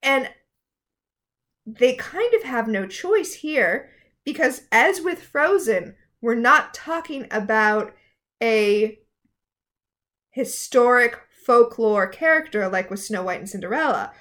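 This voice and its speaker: A woman co-hosting a casual recap podcast, her voice sitting a little high. She talks in a sarcastic, animated way as she retells the episode. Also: slow pace. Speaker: podcast co-host.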